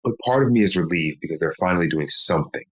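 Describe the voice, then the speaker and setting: A man, a podcast guest, recounting a painful personal story in a slow, measured way. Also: low-pitched, animated, slightly rough, low-quality recording. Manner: slow, measured telling with pleading quoted lines.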